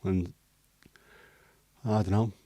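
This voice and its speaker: A Liverpool man hosts a casual livestream, working through viewer comments with rambling, hesitant banter and the occasional swear. His voice is low and warm, with fairly even intonation and a slow pace. The recording is dry.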